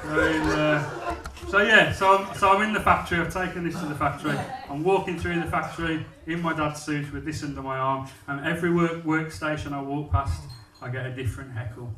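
Male stand-up comic, crude and self-mocking, fairly high voice, live club recording from far off. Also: fairly even intonation, brisk, hardly any pauses, sharp tone. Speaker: stand-up comedian. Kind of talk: stand-up comedy routine. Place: comedy club stage, indoors. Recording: echoey club from far off, audience noise.

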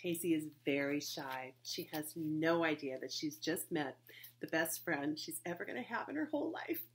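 A woman reading a children's chapter book aloud with expressive, lively storybook delivery. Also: low voice, normal speed. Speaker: reader, society board member.

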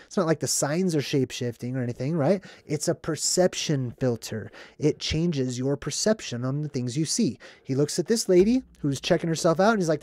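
A casual vlogger explains a movie in a loose, rambling way and keeps asking "right?". The voice sits at a middle pitch. The recording is dry and close, with almost no room sound. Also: fairly quick, few pauses, dry recording. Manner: animated, rambling, acts out scenes in put-on voices. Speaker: movie commentary host. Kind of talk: casual movie breakdown commentary.

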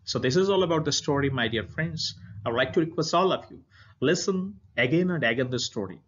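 Give me an Indian English-speaking male teacher reading a story aloud with a slightly high, expressive voice. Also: dull audio. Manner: clear, deliberate reading with stress and intonation.

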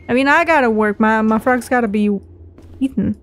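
High-voiced swearing woman gaming. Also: moderate pace, a little hiss or hum. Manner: swearing, excitable, talks to the game. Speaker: gamer. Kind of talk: let's play commentary.

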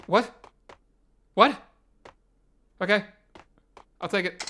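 Animated, bright-voiced man gaming. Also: fairly high pitch, normal speed, pauses often. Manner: loud, exaggerated, swearing, laughing often. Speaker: gamer playing a game. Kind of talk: let's play commentary.

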